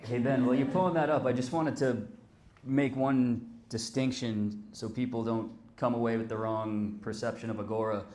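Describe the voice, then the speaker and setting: A man's voice: mid-range voice, fairly even intonation, normal speed, darkish tone. A man presenting for a company, stepping in earnestly to clarify a point. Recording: echoey hall, off-mic.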